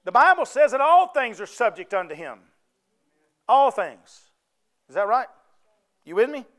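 Guy preaching, high smooth voice, keeps asking the church to say amen back. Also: very animated, unhurried, fairly bright tone. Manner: call-and-response preaching, folksy and conversational. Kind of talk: sermon.

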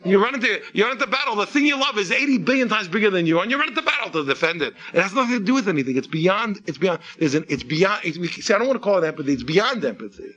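A man gives an informal religious talk in a high, bright voice. He keeps asking his listeners rhetorical questions, repeats himself and restarts often, and his pitch jumps around when he gets excited. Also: very fast, few pauses. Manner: animated, repetitive, full of rhetorical questions. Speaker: religious teacher.

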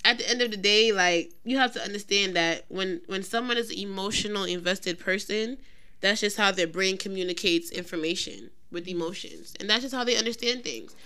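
A young woman co-hosting a casual podcast chat, telling stories with lively acted-out quotes. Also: medium pitch, fairly quick, clean tone. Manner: animated storyteller who acts out quotes. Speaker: podcast co-host.

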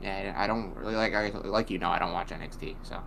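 A man's voice: low voice, fast, gravelly, a bit bright, slight background noise. A young man co-hosting a casual chat, retelling events bluntly with swearing and rambling asides. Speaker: podcast co-host. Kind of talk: casual wrestling recap chat.

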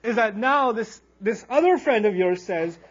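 A man giving a humorous Quran lecture as a teacher, animated and acting out characters as he tells stories. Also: high-pitched, moderate pace, lo-fi sound. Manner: animated storyteller, acts out quoted characters. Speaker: Islamic teacher.

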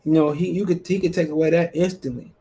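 Gravelly, dark-voiced man chatting boxing. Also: a little high, steady tone, fast talker. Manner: loose, slangy, thinks aloud. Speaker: podcast host. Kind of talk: casual solo boxing talk.

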